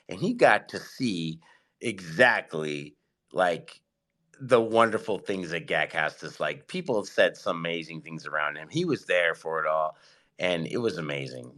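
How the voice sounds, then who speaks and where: A man hosting a casual live audio chat, hyped and excitable, giving slangy shout-outs to his listeners. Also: deep voice. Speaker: host of an online audio space.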